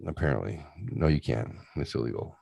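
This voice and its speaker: A man's voice: very deep voice, expressive, brisk, vocal fry, dark tone, slightly rough. A man hosting a podcast, chatting casually and ranting with lots of swearing into a close mic. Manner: profane ranting. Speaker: podcast host. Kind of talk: casual chat, reading aloud.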